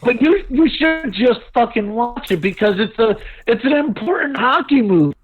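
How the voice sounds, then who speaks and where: Animated, teasing woman co-host. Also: on the high side, moderate pace. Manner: animated, swears often, teasing. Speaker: podcast co-host. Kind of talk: casual chat. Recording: dull lo-fi sound.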